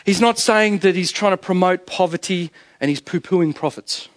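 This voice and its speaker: A man's voice: high-pitched, moderate pace, dry recording, clean studio sound. A man with an Australian accent preaching a sermon as pastor, telling stories with humor, chuckling at his own jokes and firing off rhetorical questions.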